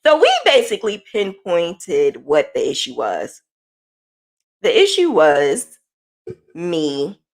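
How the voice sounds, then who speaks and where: A woman hosting a podcast, telling a personal story in a candid, conversational way. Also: medium pitch. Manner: candid, conversational, shifting pace. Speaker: podcast host.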